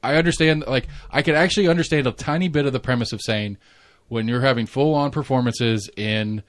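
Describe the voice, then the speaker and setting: A man's voice: mid-range voice, fairly quick, no echo. A man with a Southern US accent, hosting a casual podcast chat, rambling and swearing with many restarts. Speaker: podcast host. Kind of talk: casual conversation.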